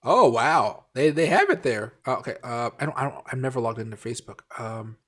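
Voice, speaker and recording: A man's voice: medium pitch, lively intonation, fairly quick, fairly bright tone. A man hosting a casual live stream, rambling and answering viewer comments by name, with many fillers and restarts.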